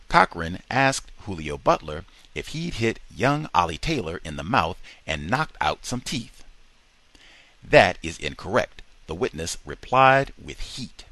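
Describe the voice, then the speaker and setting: A man's voice: low voice, bright, forceful tone, dry recording. A man reading a book aloud to a study group, expressively voicing its quoted dialogue. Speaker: reader in a book study session.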